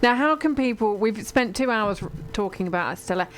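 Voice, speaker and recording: A woman's voice: mid-range voice, expressive, a little fast, slight background noise. A woman hosting a radio book show, chatting and plugging books with enthusiasm. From Britain. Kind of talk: casual radio interview chat.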